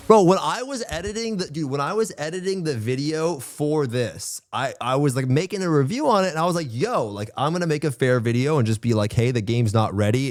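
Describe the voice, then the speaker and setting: A man's voice: medium pitch, dry recording. Profane ranting streamer man, dry sound. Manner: profane, rambling, exasperated ranting with slang. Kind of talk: casual livestream chat.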